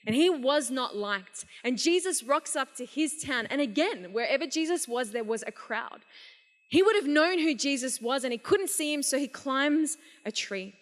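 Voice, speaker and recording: A young woman giving a casual, energetic sermon to a youth conference. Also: high voice, moderate pace. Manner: energetic, casual, animated storytelling. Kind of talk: live youth sermon storytelling. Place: large event hall. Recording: long reverb of a large hall.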